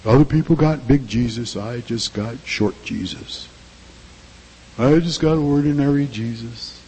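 A man's voice: mid-range voice, animated, unhurried, darkish tone, slight background noise, voice pushed down, low-quality recording. A man voicing a glum, self-pitying ordinary churchgoer who mutters about being nobody special. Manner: mopey, deflated, muttering.

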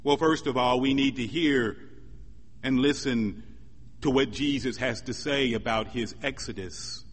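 A man preaching a sermon as pastor, measured and emphatic, building up through repeated lines. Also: medium pitch, husky, long reverb tail.

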